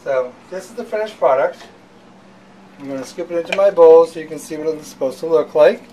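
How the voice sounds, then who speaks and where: A man's voice: a little high, brisk, warm tone, recorded from a distance, a little hiss or hum, low-quality recording. A man hosting a home cooking show, talking casually with fillers and restarts.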